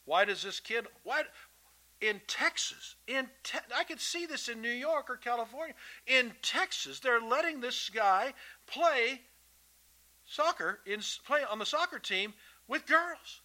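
A man's voice: extremely high pitch, animated, measured pace, pushed and bright, poor audio. A man preaching a sermon to kids and grown-ups, talking in a folksy, emphatic way and restarting his words often. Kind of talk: sermon to children and adults.

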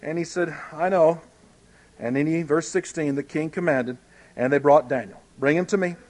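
A man's voice: on the high side, steady tone, moderate pace, darkish tone. A man preaching a sermon, explaining a Bible story in a folksy, conversational way.

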